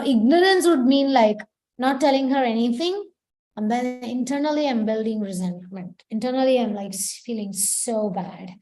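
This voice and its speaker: A woman's voice: fairly high pitch, darkish tone. A woman giving a devotional lesson as a spiritual teacher, explaining patiently and acting out short example quotes.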